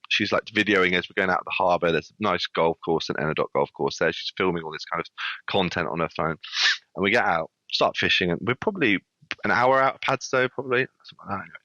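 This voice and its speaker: Fast-talking bright-voiced man. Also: low voice, dry recording. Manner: animated anecdote-telling with many restarts. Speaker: podcast guest, restaurateur. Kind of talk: casual storytelling. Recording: dull lo-fi sound.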